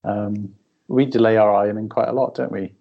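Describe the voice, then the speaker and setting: A man's voice: lowish voice, fairly even intonation, a little fast, vocal fry. Chatty man with a dull lo-fi sound. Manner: chatty, jokey, with fillers. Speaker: podcast co-host. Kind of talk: casual chat.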